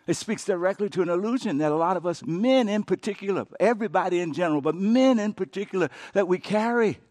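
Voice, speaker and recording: A male pastor preaching a sermon, swinging from loud emphatic peaks to hushed, intimate passages, and talking straight to listeners and coaxing them to repeat prayers after him. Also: high voice, quick pace, no room sound.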